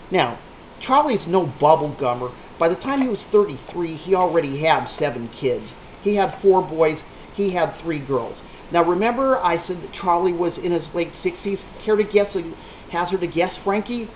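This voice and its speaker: A man's voice: fairly high pitch, animated, normal speed, a little hiss or hum. A man telling a rambling, salty anecdote to a small group, with a punchline-driven delivery. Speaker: storyteller. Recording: echoey room on a tinny lo-fi line.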